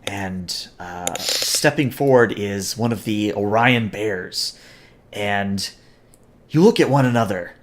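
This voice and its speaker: A man narrating a tabletop game as game master, relaxed, with frequent fillers. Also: on the low side, slow pace, a little hiss or hum.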